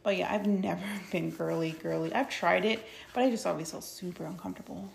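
A woman's voice: lowish voice, brisk, vocal fry, a little hiss or hum. A woman guest in a casual chat, speaking candidly and reflectively.

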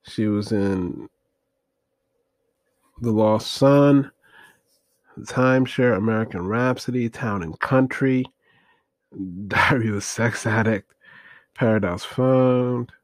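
A man's voice: fairly low pitch, takes it slowly, pauses often, dry recording. A man rambling through a casual movie review, hesitant and full of fillers as he looks things up while talking.

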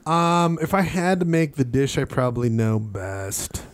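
A man's voice: mid-range voice, lively intonation, a little slow, slight background noise. A man co-hosting a casual podcast chat, talking with rambling enthusiasm and some swearing. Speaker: podcast co-host.

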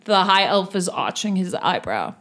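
A woman's voice: on the low side, sing-song, moderate pace, a bit bright. A woman narrating as game master of a tabletop game, describing scenes casually.

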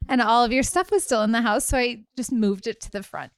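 A woman's voice: fairly high pitch, a little fast, over a noisy crowd. A woman guest on a podcast, laying out events in a matter-of-fact, casual way. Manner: matter-of-fact, setting the record straight. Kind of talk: casual chat.

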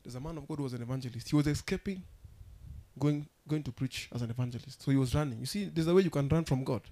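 A man preaching a sermon as pastor, emphatic and rousing, with sudden loud outbursts. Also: mid-range voice, fast talker.

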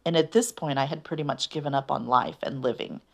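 Woman, low voice, earnest personal testimony, halting delivery. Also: gravelly. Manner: earnest, halting, with fillers and restarts. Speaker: guest sharing her story.

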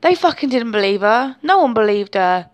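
A woman's voice: on the high side, sing-song, moderate pace. A young woman speaking to camera in an emotional personal monologue, intense and emphatic, often swearing and ending points with "yeah?". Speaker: vlogger.

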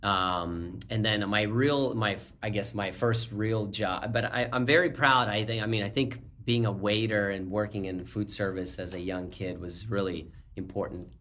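Low-voiced Ukrainian-born man, relaxed. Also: normal speed, few pauses, a little hiss or hum. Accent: American. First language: Russian. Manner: relaxed, chuckling, many fillers. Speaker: company executive guest. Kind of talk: casual interview chat.

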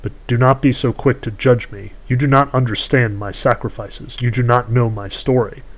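A scheming ageless sorceress who trades in stolen youth, as a man reads her out in a storybook. She talks down coolly, haggling, her voice lifting higher and louder when she presses her bargain. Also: steady tone, normal speed, natural voice, rough recording. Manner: cool, bargaining, condescending.

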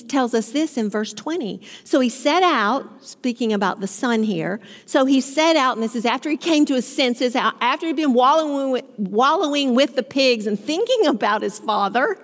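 A woman with a high, clear voice leads a women's Bible study. She reads passages aloud and drives each point home with earnest repetition. A long reverb trails behind her words. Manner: reads scripture aloud, then explains it with emphatic repetition. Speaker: Bible teacher.

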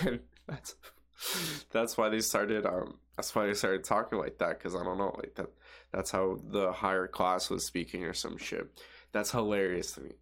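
Steady in tone and moderate in pace, this young podcast host has a fairly low, creaky, slightly bright voice. He rambles casually, cursing freely, breaking off to restart sentences and leaning on fillers.

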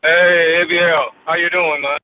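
A man's voice: on the high side, flat delivery, normal speed. A man calling in to a show, speaking casually and hesitantly, with many ums. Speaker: caller. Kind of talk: casual phone call to a show. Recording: tinny dry phone line.

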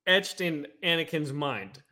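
A man in casual podcast chat, telling stories in an animated, playful way. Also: a little high, unhurried.

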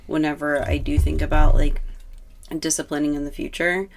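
A woman's voice: low voice, flat delivery, moderate pace, creaky. A woman in casual chat who talks hesitantly, with many fillers, about being a parent.

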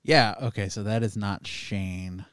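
A man with a smooth, clear voice co-hosts a casual movie podcast. He sounds relaxed and agreeable as he thinks aloud to recall details. The recording is close and dry. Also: lowish voice, a little slow, no room sound. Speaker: podcast co-host. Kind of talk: casual movie review chat.

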